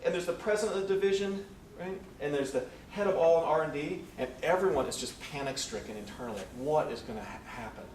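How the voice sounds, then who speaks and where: A man's voice: a little high, fast talker. A man leading a conference session, telling a work story and acting out the people in it. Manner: animated storyteller acting out quotes. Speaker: session leader. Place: conference room. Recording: echoey room from far off with noise.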